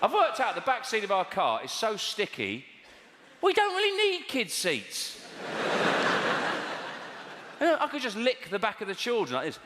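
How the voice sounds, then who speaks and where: A London man doing stand-up, griping in a chatty, exasperated way, and his pitch swings all over the place. His voice rings through a big theatre with long reverb and roaring audience laughter behind him. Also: huge pitch swings, normal speed, long pauses, very noisy. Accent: London English. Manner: conversational, exasperated, jumps to high squeals for emphasis. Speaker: stand-up comedian. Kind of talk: stand-up comedy routine. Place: large theatre stage before a live audience. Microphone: stage microphone. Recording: roomy hall reverb, loud audience laughter.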